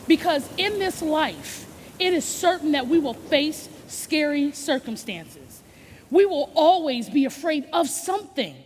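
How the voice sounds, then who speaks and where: A woman's voice: sits high, in a large hall. A woman hosting a children's Bible lesson, upbeat and coaxing, often checking in with "right?". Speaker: children's ministry host.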